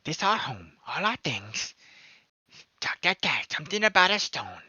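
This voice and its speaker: A man voicing an excitable male goblin who talks in choppy broken phrases. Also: measured pace, slightly rough, no room sound, highs cut off, heavily acted. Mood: complaining. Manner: choppy broken grammar, high squeaky bursts.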